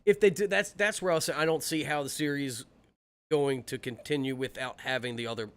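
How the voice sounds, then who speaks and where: A man's voice: mid-range voice, fairly quick, clean tone. A man co-hosting a casual podcast, who laughs a lot and acts out quotes as he talks. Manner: animated, laughing, acting out quotes. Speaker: podcast co-host. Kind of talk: casual chat.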